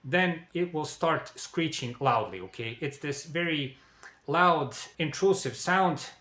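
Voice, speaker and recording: A man teaching car maintenance in a clear, instructional way, pausing to check in with viewers. His voice is bright and forceful and sits a bit high for a man. The sound carries the roomy echo of a garage. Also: expressive. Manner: repeats "okay?" and addresses "dear viewers". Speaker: car repair presenter. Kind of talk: instructional explainer.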